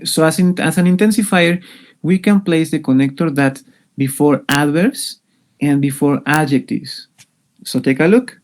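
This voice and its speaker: A man's voice: on the high side, moderate pace. A man teaching an English grammar lesson, explaining patiently with many fillers and restarts.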